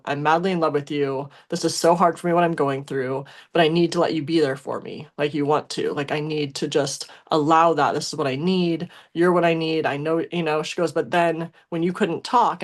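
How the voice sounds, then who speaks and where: A young adult woman on a podcast, talking in a casual, emotional way about a past relationship, with lots of fillers and restarts. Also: deep voice. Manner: emotional, rambling with many fillers and self-corrections. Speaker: podcast co-host. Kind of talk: casual conversational storytelling.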